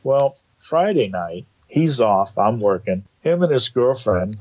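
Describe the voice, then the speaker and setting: A man telling a personal story in a casual, animated way, acting out the quoted dialogue. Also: mid-range voice, slow, highs cut off. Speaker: guest telling of entity encounters.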